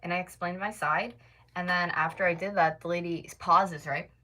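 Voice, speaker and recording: A woman's voice: lowish voice, steady tone, moderate pace, heavy background noise. A woman in her twenties from North America, venting in a casual storytime rant, swearing and filling her speech with "like". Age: 20s. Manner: exasperated, venting, swears often, many fillers like "like". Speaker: vlogger.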